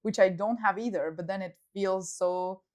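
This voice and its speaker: Belgian French-accented woman, thirties, podcast co-host, mid-pitched voice, laughs easily. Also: fairly even intonation, normal speed, a little mellow. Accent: French-speaking Belgian. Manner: laughing, agreeing, filler-heavy. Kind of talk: casual chat.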